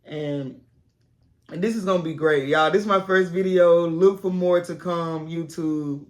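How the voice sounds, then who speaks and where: A down-home woman talking casually to her camera, a former teacher now making content full-time. She speaks in a plain, encouraging way, and her voice has a low, relaxed tone for a woman. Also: a little slow. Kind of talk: casual advice vlog to camera. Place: home set made to look like a classroom.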